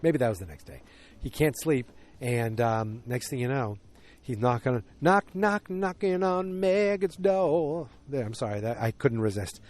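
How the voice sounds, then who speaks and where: A man's voice: mid-range voice, moderate pace. Rambling, chatty man recapping a show. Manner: rambling, self-correcting storyteller with frequent fillers; animated, exclamatory asides. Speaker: podcast host. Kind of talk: casual solo podcast recap.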